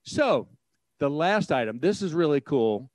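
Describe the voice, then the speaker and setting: A man working as auctioneer at a live charity auction, cracking jokes between items and breaking into a rapid bid chant. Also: a little high, sing-song, a little mellow, no echo. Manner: jokey, chatty asides, rapid bid chant.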